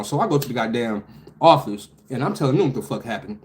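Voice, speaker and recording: A man, animated and profane, telling a story about his delivery job with loud outbursts. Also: mid-range voice, fast talker, slight background noise. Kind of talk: casual storytelling vlog.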